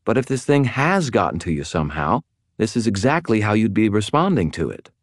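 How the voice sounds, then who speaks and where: A man voicing a sharp, insistent young woman wizard, lifting his voice well above its usual register. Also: lowish voice, very animated, brisk, no echo, clean studio sound, pitched above the performer's own voice. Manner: urgent and insistent.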